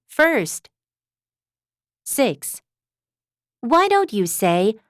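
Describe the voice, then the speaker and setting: Woman, gentle reader, slow and clearly enunciated, fairly high and bouncy pitch, dry close studio sound. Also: sing-song, no room sound. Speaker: example sentence reader. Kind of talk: scripted reading of parenting phrases.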